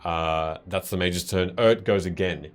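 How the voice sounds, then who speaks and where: A man narrating as game master of a tabletop game, halting with many fillers and frequent laughs. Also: sits low.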